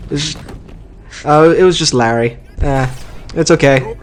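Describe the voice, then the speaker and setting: A man's voice: fairly high pitch, unhurried, slight background noise. Dry-humored man narrating a video game. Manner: dry, joking, rambling asides. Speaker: let's play host. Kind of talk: casual gameplay commentary.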